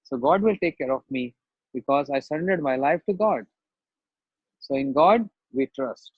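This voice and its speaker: A man's voice: on the high side, animated, moderate pace, breathy edge, dry recording, muffled recording. A man giving a devotional sermon, telling a personal story conversationally and acting out the voices of the people in it, with non-native English phrasing. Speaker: spiritual teacher.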